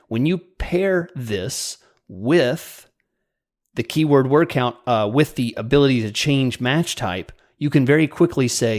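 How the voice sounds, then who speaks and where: A man co-hosting a podcast, chatting casually and explaining software tips step by step, quick to laugh. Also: mid-range voice. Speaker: podcast co-host.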